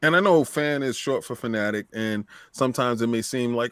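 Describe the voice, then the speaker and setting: A man co-hosting a gaming podcast who tells stories in an animated, emphatic way. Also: mid-range voice, fairly quick, hardly any pauses, dry recording. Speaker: podcast co-host. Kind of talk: casual podcast chat.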